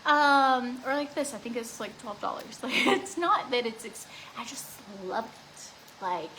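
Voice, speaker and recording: A woman's voice: fairly high pitch, expressive, measured pace, pushed and bright, a little hiss or hum, low-quality recording. A young woman chatting casually while doing her makeup at home, rambling with lots of "like" and restarts. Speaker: beauty vlogger.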